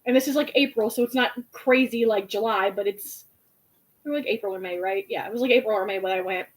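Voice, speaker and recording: A young woman in her twenties, chatting casually and telling an animated story with lots of fillers. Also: mid-range voice, fairly quick, low-quality recording. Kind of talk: casual chat.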